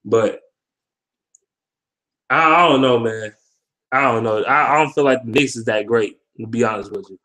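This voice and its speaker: A man with a mid-range voice runs a football predictions vlog, reading out comments and trash-talking with heavy profanity. He speaks at a moderate pace with frequent pauses, animated and laughing as he swears his way through this casual commentary.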